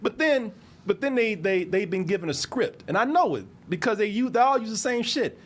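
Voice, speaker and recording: A man's voice: high voice, lively intonation, fairly quick, a little hiss or hum. A man on a podcast, telling stories in casual chat, cursing freely and laughing often. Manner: laughing, profane storytelling. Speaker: podcast co-host.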